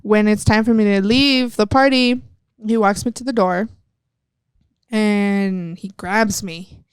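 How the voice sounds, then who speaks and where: This smooth-voiced wrestler from El Paso, Texas, speaks slowly at a medium pitch, recorded cleanly in a studio without room sound. As a podcast guest in a relaxed interview, she tells stories with open, lively candor, cursing often and performing the lines she quotes.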